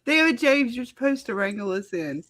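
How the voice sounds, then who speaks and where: A woman co-hosting a casual live chat, giggly and teasing, with drawn-out exclamations. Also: a little high, sing-song, a bit bright. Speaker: co-host.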